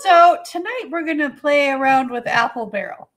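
A woman's voice: sits high, expressive, moderate pace, fairly bright tone. A woman hosting a live painting demo, chatty and folksy, talking to her paint as she works. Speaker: host.

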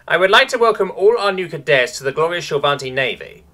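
A man's voice: a little high, animated, quick pace, pushed and bright, voice pushed up. A man voicing a brash, snooty female starship captain who lectures cadets in a mock-aristocratic bark. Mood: announcing.

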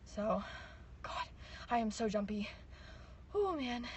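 Inside a parked car, a frightened, trembling game show contestant reacts live and unscripted, talking to herself and her teammates, repeating phrases and lurching between whispers and shrieks. Her voice is slightly high, animated and darkish, slow with frequent pauses. The mic is distant and background noise is clearly audible.

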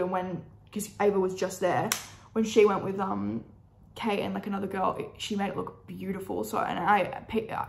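A young Australian woman with a hoarse, gravelly voice, talking in chatty, upbeat vlog style while she does her makeup. She is recorded in an echoey room with a faint hum behind her. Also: medium pitch. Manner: chatty, upbeat, lots of fillers. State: hoarse, croaky voice. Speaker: beauty vlogger. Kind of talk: casual chat while doing makeup.

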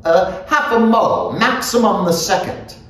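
A man doing a sharp-voiced, jittery betting man. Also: sits high, measured pace, pitched above the performer's own voice. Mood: impatient. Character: shifty, impatient male betting man. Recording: very echoey room, faint noise.

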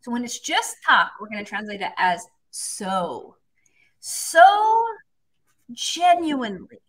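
A woman's voice: medium pitch, lively intonation, moderate pace, pushed and bright, low-quality recording. A woman teaching a language lesson on a live stream, explaining step by step and chatting with viewers. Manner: chatty, explains step by step, reads chat comments.

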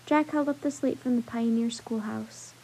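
A woman's voice: fairly high pitch, normal speed, warm tone, husky, rough recording. Woman reading a children's book aloud. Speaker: storyteller.

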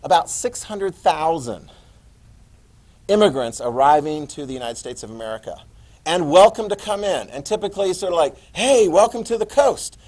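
A man teaching a history class, lecturing lively and quizzing his students as he goes. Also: a little high, normal speed, rough recording. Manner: lively, quizzing students and repeating key words.

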